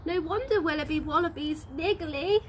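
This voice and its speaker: High-voiced woman teacher reading a story. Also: moderate pace, slight background noise, poor audio. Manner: bouncy, expressive, playful rhyme reading. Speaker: infant school teacher. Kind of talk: reading a picture book aloud. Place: outdoors in the sunshine.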